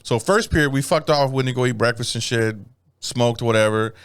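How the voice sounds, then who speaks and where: A man's voice: mid-range voice, fairly quick, clean tone. A man in his thirties, a comedian telling a story in casual podcast banter, swearing freely and laughing as he talks. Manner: animated storyteller, swears a lot, laughs through his stories.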